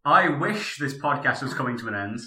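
A man's voice: mid-range voice, expressive, brisk, very noisy. A man co-hosting a comedy podcast, jokey, self-deprecating and a bit rambling. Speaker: podcast co-host. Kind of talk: casual comedy podcast chat. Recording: echoey room.

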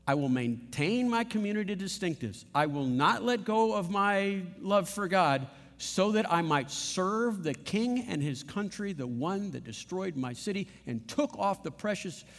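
A man voicing a devout young Hebrew exile who declares his steady, defiant loyalty. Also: high-pitched, measured pace, few pauses, big-room sound. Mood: resolute.

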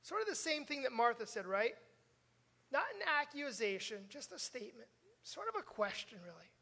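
An older man, a pastor, preaches a conversational sermon in a church sanctuary, earnestly telling stories straight to his congregation. His very high, gravelly voice swings widely in pitch at a moderate pace and sounds pushed and bright. The long reverb of the church hall surrounds him.

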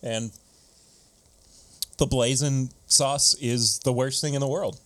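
A man co-hosting a casual podcast chat, animated and laughing often, at times talking with food in his mouth. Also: mid-range voice, takes it slowly. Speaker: podcast co-host.

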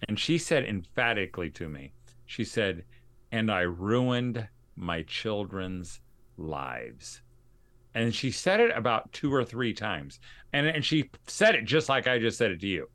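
A man's voice: medium pitch, very animated, normal speed, fairly bright tone. A man hosting a podcast, telling stories in an earnest, conversational way to his listeners. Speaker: podcast host. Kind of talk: casual podcast monologue.

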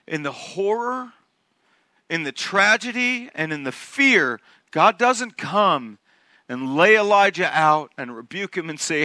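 A man preaching a sermon who speaks emphatically and swings from hushed whispers to near-shouts. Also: sits high, expressive, slow, no room sound. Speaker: pastor.

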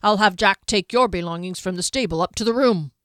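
A woman's voice: medium pitch, fairly quick, fairly bright tone, dry recording, close to an everyday voice. An eager, obsequious male innkeeper, put on by a woman narrating an audiobook. He fusses over every need and trails into polite hesitations. The read is dry and close. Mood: ingratiating.

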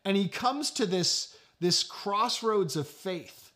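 A man's voice: expressive, slow pace. Conversational male pastor telling stories. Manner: storytelling, conversational, drops to a low quiet voice. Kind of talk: sermon.

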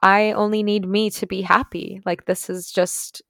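A woman's voice: mid-range voice, flat delivery, a little slow, vocal fry, a bit bright, dry recording, clean studio sound. A young woman earnestly recounting a personal experience in a casual, heartfelt way, with many "like"s and "right?"s. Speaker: vlogger recounting a retreat experience. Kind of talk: casual storytelling monologue.

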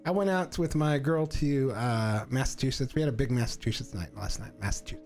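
A young man chatting on a podcast, telling stories with animated energy and loose profanity. His voice sits in an ordinary middle pitch. Faint music plays underneath. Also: moderate pace. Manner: animated, swears freely, storytelling. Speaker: podcast co-host. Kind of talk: casual chat.

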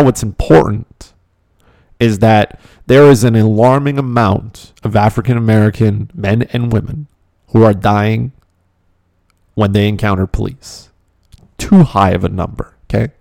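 A Canadian podcast host, talking in a rambling, conversational way with lots of fillers. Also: male voice, mid-range voice, gravelly, dry recording, studio quality. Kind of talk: casual monologue.

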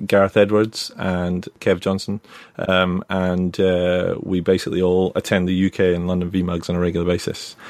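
Scottish guy, really deep voice, rambly guest on a tech podcast, lots of ums. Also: no room sound. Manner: relaxed, rambling, many fillers. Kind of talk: casual interview chat.

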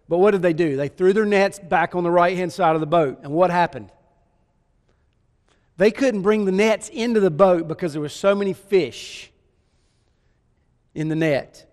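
A man's voice: high-pitched, normal speed, a little mellow, clear, resonant tone, in a large hall. A man preaching a sermon, telling the story with many rhetorical questions.

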